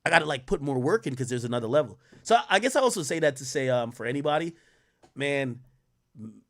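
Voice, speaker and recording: A man's voice: mid-range voice, big pitch swings, fast talker, a bit bright. A young man from Jamaica hosting a casual commentary stream, explaining with lots of restarts and laughing often. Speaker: host.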